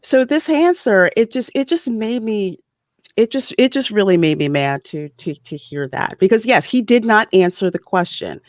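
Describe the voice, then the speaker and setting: A woman's voice: medium pitch, lively intonation, normal speed, no room sound, studio quality. A woman panelist giving emphatic, exasperated commentary in a casual online roundtable.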